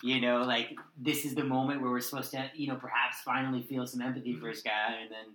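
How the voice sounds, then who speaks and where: A man of middle pitch in casual literary talk, explaining his points thoughtfully and at a measured pace. The room gives his voice a roomy echo. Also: little pitch movement, pushed and bright. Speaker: podcast co-host. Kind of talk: casual book discussion.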